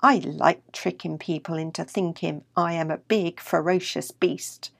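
A woman voicing a playful little brown male dog who puts on a gruff, loud voice in a storybook. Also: lowish voice, steady tone, unhurried. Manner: gruff put-on bark of a voice, louder.

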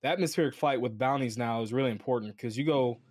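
A man's voice: medium pitch, fast talker, a little mellow, no room sound, clean studio sound. A man on a gaming podcast, giving blunt, opinionated takes in casual chat.

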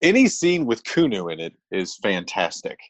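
A man co-hosting a podcast, talking in a relaxed, hesitant way with plenty of fillers. His voice is somewhat low. The sound is dry and close. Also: moderate pace, dry recording. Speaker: podcast co-host. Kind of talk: casual chat.

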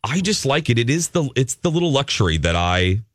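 A man's voice: mid-range voice, fairly quick, dry recording, studio quality. A middle-aged man hosting a radio show, telling campy, sassy stories in a casual chat. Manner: animated storyteller, campy and sassy. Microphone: studio mic.

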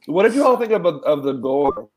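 A man co-hosts a casual film chat in a relaxed, cheerful way. His voice sits a little higher than most men's. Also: normal speed, poor audio. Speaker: podcast co-host.

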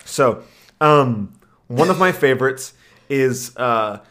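A man co-hosts a laid-back podcast and tells stories with a lot of energy. He laughs often and sits at an average pitch for a man. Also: takes it slowly. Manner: animated storytelling, laughs often. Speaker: podcast co-host. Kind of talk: casual chat.

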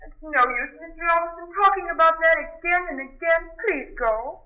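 An actress playing a timid young daughter who pleads with an unwanted suitor in a 1930s radio drama. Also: female voice, extremely high pitch, brisk, highs cut off, noisy background. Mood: pleading. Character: frightened young daughter of a rich house. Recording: echoey, distant old radio recording.

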